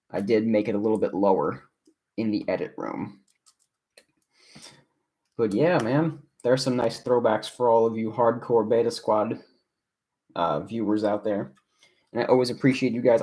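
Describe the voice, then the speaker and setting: A man's voice: lowish voice, darkish tone, slightly rough. A man streaming from his apartment, chatting casually and rambling as he reads viewer comments aloud while he builds. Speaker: livestreamer and video creator. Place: home apartment.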